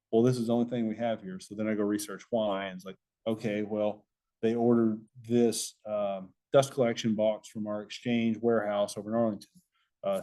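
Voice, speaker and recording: A middle-aged man with a drawl presents to a room of professionals in an easygoing, explanatory way. His voice sits at an ordinary middle pitch, and he walks listeners through examples as he goes. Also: a little mellow. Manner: conversational and explanatory. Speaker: safety presenter. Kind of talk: conference presentation with audience Q&A.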